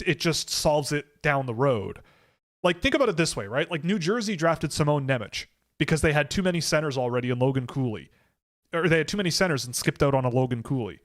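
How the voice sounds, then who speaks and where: A man with a slightly higher voice talks through a casual live stream in a loose, rambling way. He stops and restarts often and fills the gaps with "like" and "um". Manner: rambling, self-correcting, many fillers. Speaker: hockey draft analyst hosting a live stream.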